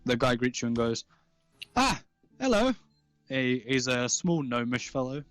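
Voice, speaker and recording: Game master, casual man, halting, dry close mic, faint music under. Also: mid-range voice, flat delivery, clear, resonant tone, no echo. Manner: casual, halting, many fillers. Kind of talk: narrating a tabletop game.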